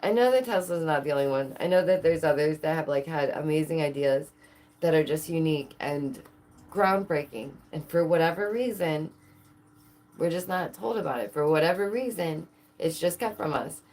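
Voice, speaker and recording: A woman vlogger chatting to camera, excitable and full of rhetorical questions to her viewers, laughing often. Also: low voice, normal speed. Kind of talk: casual chat to camera.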